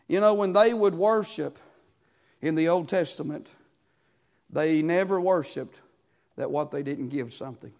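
A man's voice: fairly high pitch, fairly even intonation, normal speed. A man, preaching a sermon as pastor, building fervor and asking the congregation questions. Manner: preaching with rising fervor and call-and-response questions.

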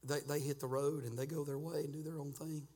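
A middle-aged man preaching a revival sermon and altar call in a church, swinging from loud, fervent rhythmic urging to hushed near-whispers. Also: fairly high pitch, flat delivery, brisk. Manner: fervent, rhythmic preaching with sudden soft drops. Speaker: pastor. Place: church sanctuary.

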